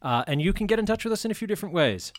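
A man's voice: sits high, very animated, racing, no room sound. A man hosting a community radio talk show, chatty, with joking asides and laughs. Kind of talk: casual panel talk radio.

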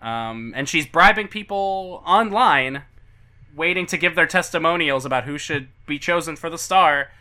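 Higher-voiced man, very animated. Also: moderate pace. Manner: laughs often, sarcastic asides. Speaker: podcast co-host. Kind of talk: casual recap chat.

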